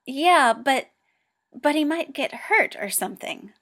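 A woman's voice: high-pitched, sing-song, normal speed, voice pushed up. A woman reading a story aloud and voicing a flustered, defensive teenage boy Go player who talks in raised, indignant bursts. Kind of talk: amateur audiobook reading.

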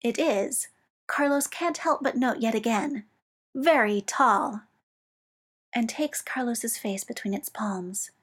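A woman reading fiction aloud in a slow, soft, measured storytelling manner, dropping now and then into a whisper. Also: on the high side. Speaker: narrator.

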